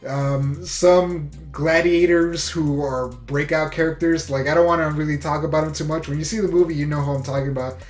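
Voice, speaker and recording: A man with a slightly high voice gives a casual movie review, eager and loose, leaning on "you know" and "like". The room sounds echoey, with faint music under him. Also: steady tone, fairly quick, hardly any pauses. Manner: enthusiastic, full of "you know" and "like".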